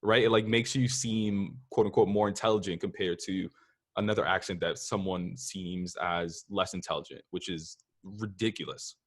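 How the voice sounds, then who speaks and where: Low-voiced halting male podcast host. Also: fairly even intonation, fairly bright tone, husky. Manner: halting, many fillers and restarts, uses "like" a lot. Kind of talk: casual interview talk.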